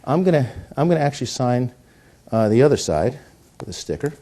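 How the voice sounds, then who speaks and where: Here a middle-aged man runs through comedic coin-magic patter full of puns, then breaks down the method, repeatedly restarting what he says. The voice is mid-range, dark, very animated and fairly quick.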